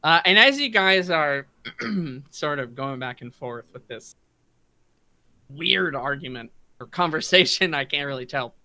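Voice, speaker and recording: Male game master, slightly high, halting delivery with frequent restarts. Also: expressive, pushed and bright, no room sound. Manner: halting, many restarts and throat clearing. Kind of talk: narrating a tabletop game.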